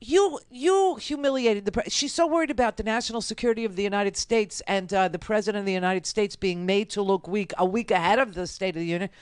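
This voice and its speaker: A woman's voice: mid-range voice, quick pace, hardly any pauses, smooth, no room sound. A woman hosting a political radio talk show, delivering sarcastic, mocking commentary. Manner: sarcastic, mocking, quotes opponents in exaggerated voices.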